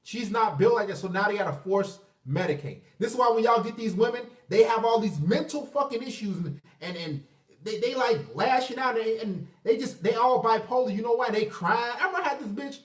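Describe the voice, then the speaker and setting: A man's voice: high-pitched, lively intonation, a little fast. A man ranting in a profane, emphatic, combative livestream monologue. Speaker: vlogger. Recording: echoey room, far from mic.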